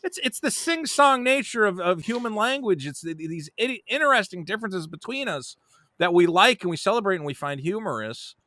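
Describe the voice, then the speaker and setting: A man's voice: high-pitched, brisk, dry recording. A man, a comedian, talking casually as an interview guest and animatedly acting out quotes. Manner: animated, jumps into quoted voices.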